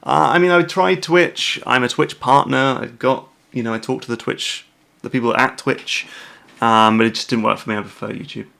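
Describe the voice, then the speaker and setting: A man's voice: mid-range voice, fairly even intonation, moderate pace, creaky, sharp tone. A British man hosting a casual livestream, rambling through viewer questions with lots of fillers, restarts and self-deprecating asides from a room at home at night. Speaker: host.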